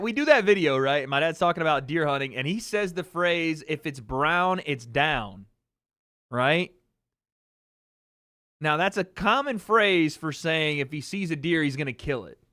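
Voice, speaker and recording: A man's voice: on the high side, clean tone, dry recording, studio quality. A man hosting a livestream, casually telling a story and answering his chat. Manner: animated storytelling, talks to chat. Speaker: livestream host.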